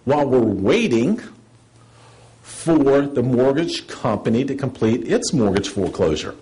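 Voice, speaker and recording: A man's voice: darkish tone, breathy edge, rough recording. Blunt, sarcastic man lecturing. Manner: blunt, sarcastic, acts out quotes in a high voice. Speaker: attorney giving a seminar. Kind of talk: seminar lecture.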